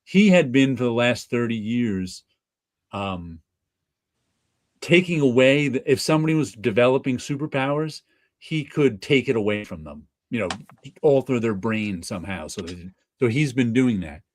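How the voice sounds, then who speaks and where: A man's voice: medium pitch, animated, moderate pace, no echo. A man hosting a casual comic book livestream, talking in a rambling way with chuckles and restarts. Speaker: host of a comic book stream.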